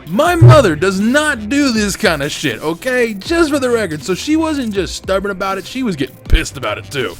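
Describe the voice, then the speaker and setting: A man's voice: high-pitched, very animated, moderate pace, few pauses. A young man hosting a gaming channel, candidly retelling a family story over gameplay and swearing freely as he talks. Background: faint background music.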